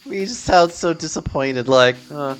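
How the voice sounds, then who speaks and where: A man's voice: a little high, measured pace, a little hiss or hum. A man streaming a game and chatting casually with friends, rambling and laughing often. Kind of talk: casual chat while gaming.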